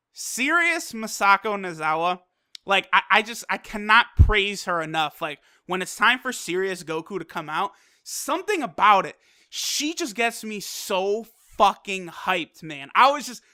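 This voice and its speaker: Hyped, profane anime episode reviewer, loose and casual, with a clear bright tone. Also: medium pitch. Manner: excitable and profane, with loose fillers.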